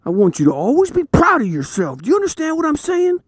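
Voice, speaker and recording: A man's voice: very high-pitched, wildly swooping pitch, fast, no room sound, clean studio sound, pitched above the performer's own voice, exaggerated voice. A man playing a stern dad. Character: stern father lecturing his son.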